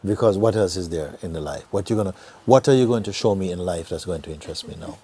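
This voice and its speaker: A middle-aged man giving a gentle satsang talk as a spiritual teacher, often dropping to a near whisper and laughing easily. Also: low-pitched, quick pace. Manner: laughs easily, joyful and earnest.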